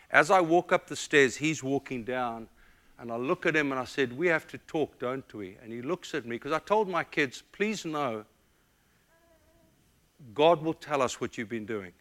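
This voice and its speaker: A middle-aged man from the United States, a pastor, telling personal stories in a sermon with emotional, animated delivery. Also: medium pitch. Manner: emotional, animated storytelling with quoted voices. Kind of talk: storytelling sermon.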